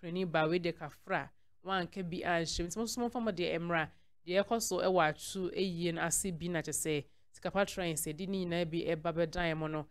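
A woman with a Ghanaian accent hosts a celebrity gossip channel, reading viewer comments aloud. Her voice sits low and sounds clear and resonant. She moves freely between Twi and English within the same sentence. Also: steady tone, fairly quick.

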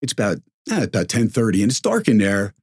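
A middle-aged sportscaster telling stories in casual chat, acting out the voices of people in them. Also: male voice, fairly low pitch, fast, husky, no echo. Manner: animated storyteller, acts out quoted voices. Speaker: sportscaster guest. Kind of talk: casual storytelling.

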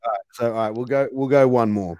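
A man's voice: medium pitch, fast, warm tone, clean tone, no room sound. An Australian man hosting a casual interview game, jokey, laughing easily and repeating himself. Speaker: host.

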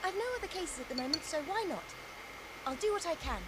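A high, lively young detective lady. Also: fast, noisy background. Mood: brisk. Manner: crisp, upbeat and teasing. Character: cheerful young female detective, brisk and witty. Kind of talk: video game voice acting. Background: game music.

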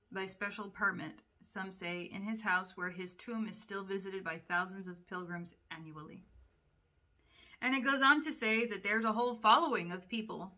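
A woman in a casual book commentary who reads the captions aloud and then drifts into her own loose remarks. Her voice is bright and clear at an average pitch, and her talk is easygoing and peppered with "like.". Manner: chatty, uses many "like" fillers. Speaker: book reviewer.

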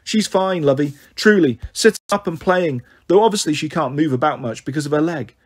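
A man reading a story aloud, voicing a flighty, chatty young mother with a breezy, cheeky manner and a husky voice. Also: a little high, brisk.

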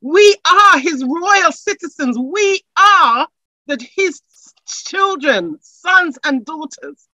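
A woman's voice: extremely high pitch, expressive, takes it slowly, no echo, poor audio. A woman preaching a sermon, building from chatty asides to fervent, repeated declarations. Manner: rising to fervent shouts, repeating phrases.

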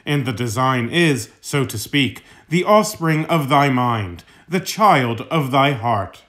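A man reading an old homily aloud as a narrated sermon, in a measured, solemn manner. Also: mid-range voice, animated, fairly bright tone. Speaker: reader of a saint's homily. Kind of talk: slow scripted narration of a sermon.

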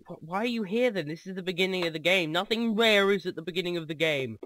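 A man hosting a let's play, commenting excitedly on the game, joking and laughing easily. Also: sits high, quick pace, hardly any pauses, no echo.

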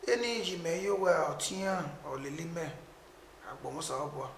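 A man's voice: a little high, moderate pace, vocal fry, slight background noise. A man with a Nigerian accent, a musician talking animatedly in a casual conversation. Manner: animated, mixing pidgin and Edo. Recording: echoey room.

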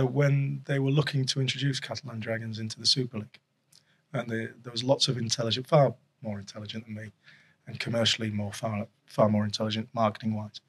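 Gravelly guy, bit husky, rambling chatty guest. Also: mid-range voice, fairly bright tone. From Yorkshire, England. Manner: rambling, chuckling storyteller with many restarts. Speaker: guest, former rugby league coach and official. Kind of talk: casual podcast chat.

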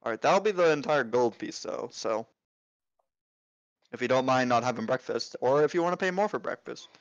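Guy doing a cheeky barkeep with a pitched-up gruff voice, slangy and blunt, sounds a bit dull and dry. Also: lively intonation, moderate pace, no room sound, lightly acted. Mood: teasing. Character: gruff male tavern barman, wry and blunt.

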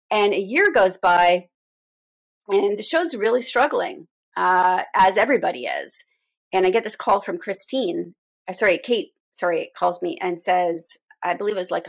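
Gravelly-voiced woman telling her story. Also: lowish voice. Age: middle-aged. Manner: heartfelt, animated storytelling. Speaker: guest, radio show host. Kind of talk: conversational interview.

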